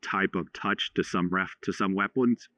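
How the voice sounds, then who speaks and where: A man in his forties from Texas, a podcast guest telling a story in a halting way, with many restarts and fillers. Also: low-pitched, pushed and bright, no room sound. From Houston, Texas. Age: 40s. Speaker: podcast guest, franchise owner. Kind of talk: casual storytelling. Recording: slightly dull lo-fi sound.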